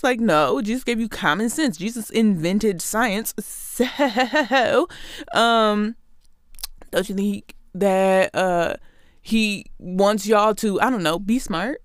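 A woman's voice: medium pitch, slow pace, dry recording, clean studio sound. A woman hosting a show, delivering a sarcastic, exasperated comedic rant straight to her listeners. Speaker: podcast host.

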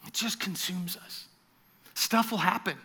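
Bright-voiced earnest male preacher. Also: high-pitched, a little slow, breathy edge. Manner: storytelling, earnest, addresses the church directly. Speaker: pastor. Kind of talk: sermon.

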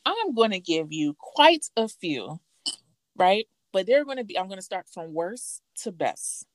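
A woman's voice: mid-range voice, very animated, a little slow, no room sound. A woman hosting a casual chat, playful and teasing, reading out lines with a laugh. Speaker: host.

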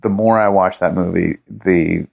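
A man speaks in a fairly low register as an interview guest. He talks casually and enthusiastically, circling his thoughts with fillers and restarts. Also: steady tone, measured pace, vocal fry. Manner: rambling, lots of fillers and restarts; enthusiastic fan talk. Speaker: guest writer and TV producer.

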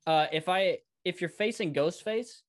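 A man's voice: high-pitched, a little slow. A man in casual chat, rambling and swearing freely, laughing often.

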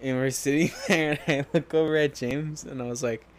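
A man's voice: on the high side, steady tone, brisk, slight background noise. A young man casually telling stories with a friend, swearing and chuckling as he goes. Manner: laid-back, swearing, chuckling. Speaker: podcast co-host. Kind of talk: casual storytelling chat. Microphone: headphones on, recording the chat.

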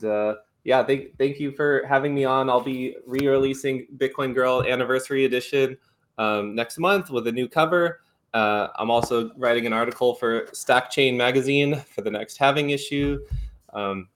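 A man joining a casual podcast as a guest author. He jokes about himself and talks in a halting way full of fillers. His voice sits at a middle pitch. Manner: joking, self-deprecating, halting with fillers. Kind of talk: casual interview chat.

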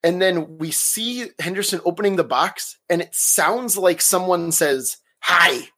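Man, husky voice, fairly high, rambling, casual podcast co-host. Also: a little slow, fairly bright tone. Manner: rambling, laughs often. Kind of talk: casual chat recapping a film.

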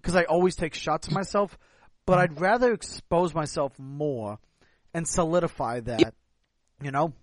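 A man's voice: fairly high pitch, normal speed, dry recording. Tipsy rambling American man, host. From United States. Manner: long-winded, rambling. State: tipsy from drinking. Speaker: podcast host. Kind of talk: casual chat.

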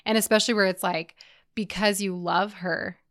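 A young woman hosting an interview, asking questions gently and with empathy, with many "like" fillers. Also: medium pitch, fairly even intonation, moderate pace, no echo, studio quality. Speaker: podcast host. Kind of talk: interview conversation.

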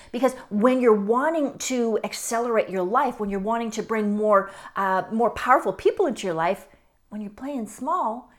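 Blunt emphatic woman podcast host. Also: fairly high pitch. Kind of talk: motivational monologue.

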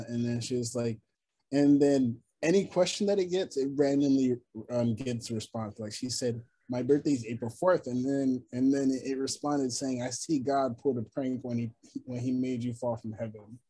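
A man's voice: medium pitch, mellow, slightly rough. A tired young man chatting casually as a podcast co-host, rambling and laughing often. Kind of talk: casual chat.

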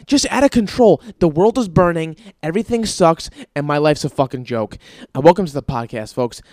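A young man hosts his podcast in a profane, exasperated rant. His voice sits a little high. The sound is dry and close, with no room around it. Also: brisk, darkish tone, dry recording. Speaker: podcast host. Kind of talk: ranting comedic monologue.

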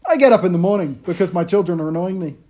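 A man, preaching a casual, conversational sermon with self-deprecating, animated storytelling. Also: high voice, rapid-fire. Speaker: pastor.

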